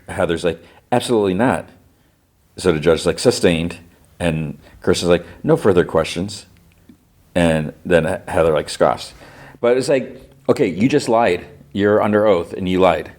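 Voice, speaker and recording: A man hosting a podcast, casually retelling a TV episode scene by scene in quick quoted dialogue. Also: low voice, a little mellow. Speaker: podcast host.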